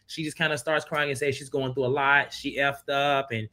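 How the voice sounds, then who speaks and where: A man hosting a casual reality TV recap, retelling the drama in an animated, incredulous way. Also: medium pitch, normal speed.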